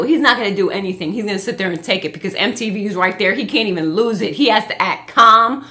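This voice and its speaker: Young adult woman, bright voice, casual gushing recap vlogger, heavy on fillers. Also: mid-range voice, a little fast, few pauses. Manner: chatty, gushing, lots of "like" and "you know". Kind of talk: casual reality-show commentary.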